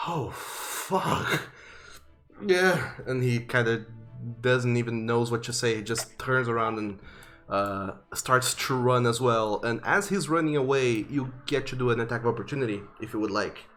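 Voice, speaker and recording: A man narrating a tabletop game as game master, vivid but halting, with many fillers. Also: mid-range voice, a bit bright, soft background music.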